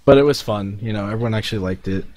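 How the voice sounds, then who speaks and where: A man co-hosting a casual podcast, telling lively stories and mimicking other people in high voices while playing a video game. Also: racing. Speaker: podcast co-host.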